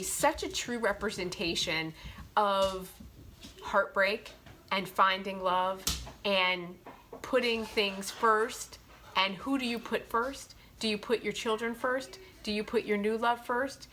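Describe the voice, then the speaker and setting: A young adult booktuber chats about romance novels in a casual review, her voice on the high side, pushed and bright, with slight background noise. She sounds heartfelt and chatty, filling her talk with "like."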